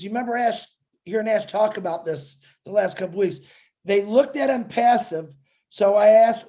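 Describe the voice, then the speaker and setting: A man's voice: high-pitched, normal speed, a little mellow. Jokey man telling a story. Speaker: webinar co-host. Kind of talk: casual promotional webinar chat.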